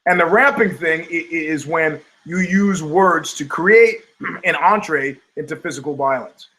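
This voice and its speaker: A man's voice: a little high, measured pace. Profane older man ranting animatedly. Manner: animated storytelling, acting out quoted voices, profane. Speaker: podcast host. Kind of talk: profane casual rant.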